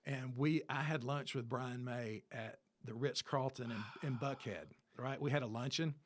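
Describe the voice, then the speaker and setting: As an interview guest, a middle-aged man with a steady, mid-range voice spins a lengthy industry story at a moderate pace, heavy on fillers and acted-out conversation in a rambling, casual way. There is slight background noise.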